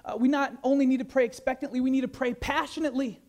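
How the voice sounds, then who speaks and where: A man pastor preaching a sermon, animated, with many rhetorical questions and repeated words. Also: extremely high pitch, fast.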